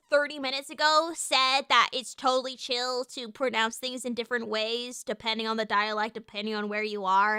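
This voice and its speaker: A woman's voice: on the high side, pushed and bright, clear, resonant tone, no echo, studio quality. A woman from the United States chatting on a livestream, ranting and swearing in a playfully indignant way. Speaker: streamer. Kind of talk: casual livestream chat.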